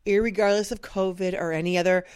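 A woman co-hosting a drive-time radio show, telling funny stories in animated, casual chat and breaking into voices. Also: mid-range voice, fast, clear, resonant tone, no echo, studio quality. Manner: animated storyteller, jumps into character voices.

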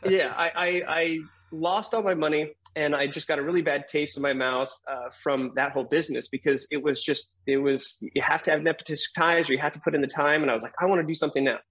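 Man, middle-aged, husky voice, a bit high, animated storyteller, dull lo-fi sound. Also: a little fast. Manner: animated storyteller, acts out quoted voices, laughs often. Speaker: guest. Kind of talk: storytelling interview answer.

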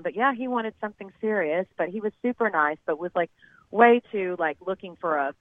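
A woman in her thirties, a guest telling a dating story in a chatty, animated way. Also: mid-range voice, fairly quick. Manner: chatty, animated, acts out quoted voices. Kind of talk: casual storytelling. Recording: tinny phone-line sound.

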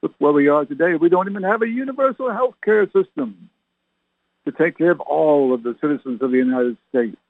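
A husky-voiced man delivers a radio sermon as a reverend, pressing his listeners with question after question. The sound is tinny and phone-like, with a dry, close feel. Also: fairly high pitch, animated, a little fast, dry recording. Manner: preachy, full of rhetorical questions to listeners.

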